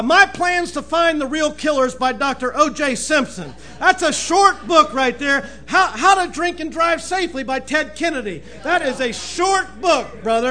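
A man's voice: extremely high pitch, sharp tone. A man preaching, telling folksy jokes and calling out amen and brother. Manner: folksy, says "amen" and "brother" often, laughs at own jokes. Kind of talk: joking sermon opening.

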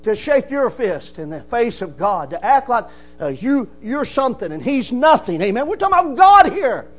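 A man, rising into loud emphatic calls and peppering his sermon with "amen". A low mains hum runs under the recording. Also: very animated, normal speed. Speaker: preacher.

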